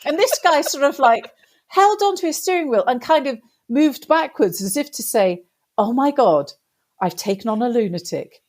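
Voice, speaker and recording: A woman with a British accent, a guest in an interview, telling a funny story in a lively way and acting out the voices of the people in it. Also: high-pitched. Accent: British English. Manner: lively animated storyteller, acts out quotes.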